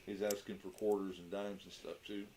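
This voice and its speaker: A man's voice: lowish voice, a little fast. Joking, chatty man with background noise. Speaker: co-host of a coin roll hunting livestream. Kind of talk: casual chat. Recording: clear steady background noise.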